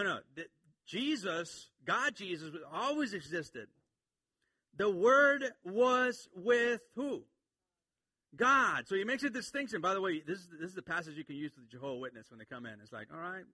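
A man preaching a sermon, swinging from quiet explanation to emphatic points. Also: on the high side, husky, dry recording. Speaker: pastor.

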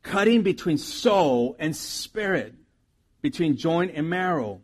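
A middle-aged male pastor delivers a sermon in a slightly higher voice than most men. He tells stories with lively, swooping pitch and sudden jumps between quiet asides and loud bursts. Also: slow. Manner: animated storytelling with big swings in loudness.

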